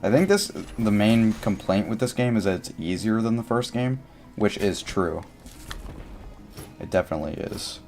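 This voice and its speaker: A young man talks through his gameplay in a loose, rambling way, leaning on filler words as he thinks aloud. His voice sits very low. Faint game music plays quietly behind him. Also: lively intonation, normal speed. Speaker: livestreamer. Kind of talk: casual gameplay commentary.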